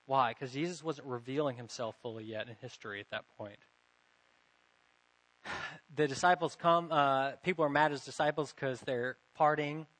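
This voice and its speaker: A man's voice: medium pitch, normal speed, a bit bright, poor audio. Man, Bible teacher, lecture, reads scripture aloud, explains, corrects himself now and then.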